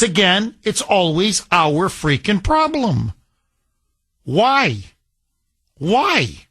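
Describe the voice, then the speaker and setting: Fired-up talk radio guy, high bright voice, sarcastic, firing off rhetorical questions. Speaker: radio talk show host. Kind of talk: political talk radio monologue.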